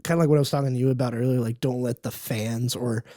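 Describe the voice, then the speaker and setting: A young man co-hosting a casual podcast chat, telling stories with lively, acted-out reactions. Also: fast, no room sound, studio quality. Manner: animated storyteller, acts out his own reactions with high squeals. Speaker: podcast co-host.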